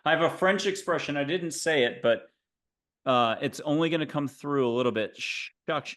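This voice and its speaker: A man's voice: mid-range voice, normal speed, a bit bright. An enthusiastic man hosts a spiritual chat show, rambling freely with playful wordplay. His voice sits in a middle range, and the room around him has a noticeable echo. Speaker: host. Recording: roomy echo.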